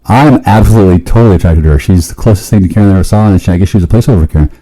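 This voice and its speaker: A man talks in a loose, rambling monologue, swearing freely and often restarting his sentences. His voice sits fairly low and sounds mellow and dark. Every so often it leaps suddenly higher. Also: racing, rough recording.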